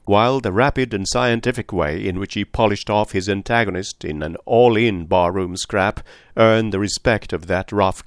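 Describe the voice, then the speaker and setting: A man narrating an audiobook in a steady, measured reading. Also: lowish voice, no echo, clean studio sound.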